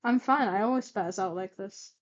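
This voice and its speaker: A woman's voice: medium pitch, moderate pace, dull audio, lightly acted. A woman reading out the lines of a bitter, rude, sick teenage boy from her fanfic, stumbling and restarting now and then. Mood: snarling, bitter. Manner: read aloud with stumbles and restarts.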